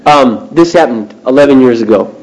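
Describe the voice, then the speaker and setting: A male preacher speaking before a live group, his pitch rising and falling freely as he tells stories and quizzes his listeners. He talks in an animated, conversational way, and his voice sits in a middle register. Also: moderate pace, poor audio. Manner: animated storyteller who asks the audience questions. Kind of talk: sermon to young adults.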